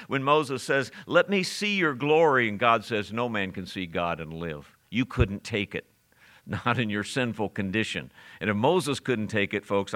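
A man preaching an expository sermon, slowing down to stress the scripture he quotes and turning to the congregation with asides. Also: mid-range voice, pushed and bright.

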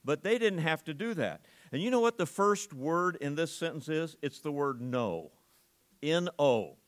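A man's voice: on the high side, lively intonation, moderate pace. Emphatic male pastor preaching. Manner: emphatic, asks the congregation rhetorical questions. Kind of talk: sermon. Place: church service.

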